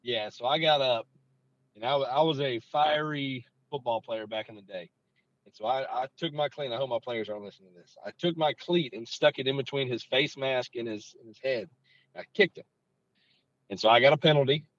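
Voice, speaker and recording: A man in his late thirties, a coach telling stories in a laid-back interview, with a bright, slightly tense voice. He fills his talk with "you know" and livens up as the stories build. The recording is dry and a little dull, like lo-fi. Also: medium pitch, brisk, no room sound. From Georgia, US. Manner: relaxed, leans on "you know", gets animated telling stories. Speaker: high school head football coach, guest. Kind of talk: casual interview storytelling.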